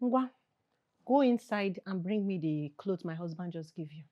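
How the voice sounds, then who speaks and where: An actress with a Nigerian accent playing a wicked, scheming aunt who scolds and mocks, slipping into Igbo. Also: female voice, fairly low pitch, lively intonation, moderate pace, no echo, muffled recording, close to an everyday voice. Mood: scolding. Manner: scolding, mocking, switching into Igbo. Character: wicked scheming aunt, middle-aged woman.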